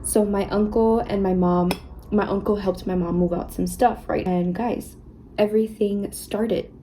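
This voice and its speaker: A young woman beauty vlogger chats casually about her own experiences while doing her makeup, constantly saying "you guys" and "like." Her mid-range voice is steady and dark in tone and a little slow. The low-quality recording carries slight background noise.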